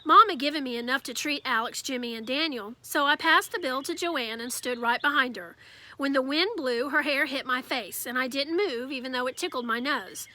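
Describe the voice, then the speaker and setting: A woman reading a children's novel aloud with lively storytelling. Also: high-pitched, normal speed. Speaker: reader.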